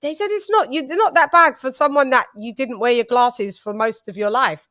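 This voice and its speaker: A woman hosting a casual chat, telling lively stories and acting out what people said. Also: high voice, moderate pace. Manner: animated, storytelling with quoted voices. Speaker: host.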